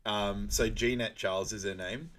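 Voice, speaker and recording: A man's voice: on the low side, steady tone, moderate pace, a bit bright. A man co-hosting a casual podcast and walking through a film scene by scene. He laughs a lot and slips into goofy put-on voices whenever he quotes a line. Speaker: podcast co-host. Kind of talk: casual film recap chat.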